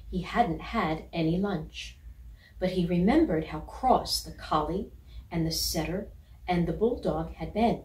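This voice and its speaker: A woman reads a children's picture book aloud, gentle and measured, at an unhurried pace with a somewhat low voice. The sound is roomy and a little distant from the mic. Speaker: storybook reader.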